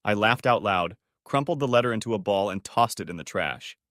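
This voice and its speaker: A man narrating a first-person audiobook story in a steady storytelling manner. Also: fairly low pitch, fairly quick, no echo, studio quality.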